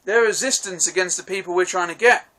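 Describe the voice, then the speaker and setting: A man putting on the voice of a cheerful bandaged male soldier, eager to explain himself, in a high excited pitch. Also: fast talker.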